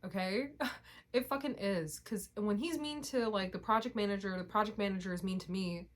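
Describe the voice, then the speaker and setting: A woman's voice: medium pitch, moderate pace. Candid rambling young woman vlogging. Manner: candid, rambling, laughs often, swears. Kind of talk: casual chat to camera.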